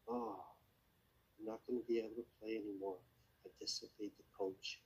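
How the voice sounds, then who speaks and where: A young soccer-playing creature from a storybook, voiced by a man talks in a breathy, husky voice. He sounds downcast. His speech is quiet and sighing. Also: on the low side, little pitch movement, normal speed, poor audio. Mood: dejected. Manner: dejected.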